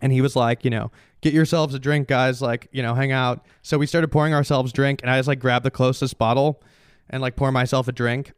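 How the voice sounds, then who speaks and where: A man's voice: medium pitch, steady tone, brisk, smooth, no room sound, studio quality. A young man telling a story in casual chat, rambling with lots of fillers and restarts.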